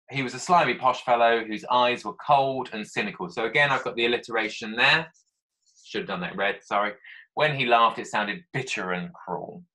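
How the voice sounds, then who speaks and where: A man's voice: medium pitch, pushed and bright. A man teaching a children's writing lesson from home, thinking aloud as he drafts and chatting to pupils. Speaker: primary school teacher.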